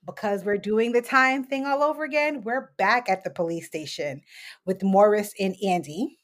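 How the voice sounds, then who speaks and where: A woman's voice: mid-range voice, moderate pace. A woman co-hosting a casual podcast, recapping a TV episode scene by scene and acting out the characters' lines with casual swearing. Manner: animated, acts out quotes, swears casually. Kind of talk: casual chat.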